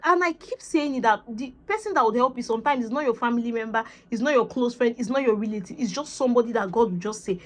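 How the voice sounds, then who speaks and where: A woman with a Nigerian accent vlogging, telling a personal story in a lively, chatty way and slipping into Pidgin phrases. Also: fairly high pitch, quick pace, few pauses. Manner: animated, acts out conversations, mixes in Pidgin phrases. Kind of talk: casual storytelling to camera.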